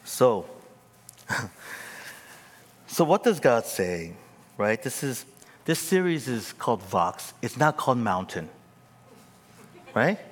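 A pastor preaching a lively sermon, acting out scenes and swinging from whispers to shouts. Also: male voice, medium pitch, takes it slowly, long pauses, breathy edge, long reverb tail.

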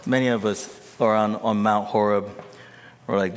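A man preaching a sermon, swinging from loud, high emphatic peaks to low, casual asides. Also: fairly even intonation, moderate pace. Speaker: pastor. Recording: long hall reverb.

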